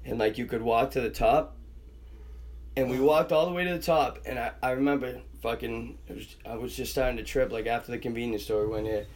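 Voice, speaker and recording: Mid-range and a little fast, a young man's voice carries a wild story told in casual chat as a podcast guest. He's animated, swears all the time, and plays out the quoted voices of the people in the tale.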